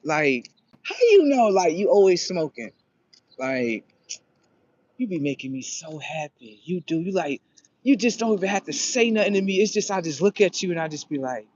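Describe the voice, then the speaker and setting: A young man livestreaming outdoors near a street on his phone, rambling casually and profanely, with sudden loud excited bursts. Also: high-pitched, moderate pace, lo-fi sound. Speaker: livestream host.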